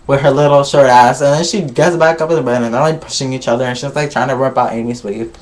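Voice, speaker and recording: A man chats through a reality show episode in a loose, gossipy way, swearing freely and skipping parts with filler. His voice sits at an ordinary middle pitch. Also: brisk, hardly any pauses, a little mellow. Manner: gossipy, swears a lot, skips ahead with "blah, blah, blah". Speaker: vlogger reviewing a reality show. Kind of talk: casual recap.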